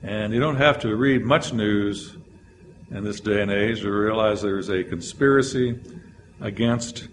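A man's voice: lowish voice, a little slow, a little hiss or hum. A man teaching a Bible lecture, explaining verses and reading scripture aloud with frequent "uh" fillers.

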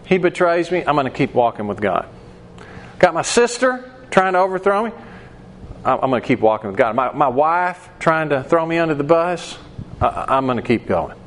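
A man's voice: on the high side, very animated, moderate pace, a bit bright. Conversational man teaching a Bible class. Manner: conversational, acts out quoted voices, poses questions to class. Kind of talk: Bible study lesson.

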